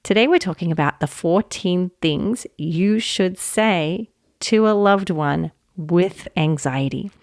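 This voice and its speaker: A woman hosting a solo podcast, talking in a gentle, reflective way and laughing often. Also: lowish voice, dry recording, studio quality. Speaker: podcast host.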